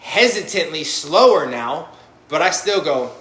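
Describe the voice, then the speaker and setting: Slightly high and animated, this young man's fairly bright voice moves a little slowly through a reverberant space. A formerly incarcerated guest on a live panel, he tells blunt, candid stories about life after prison, swearing a lot and acting out how he once reacted.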